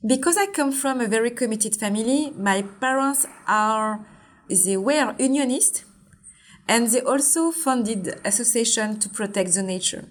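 A woman's voice: a little high, measured pace. A woman in her forties with a French accent, a brand founder explaining her products in an interview in an earnest, step-by-step way. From Martinique. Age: 40s.

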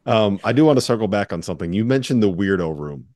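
A man hosting a podcast, asking long, relaxed questions in a conversational way. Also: on the low side, fast, no room sound. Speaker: podcast host.

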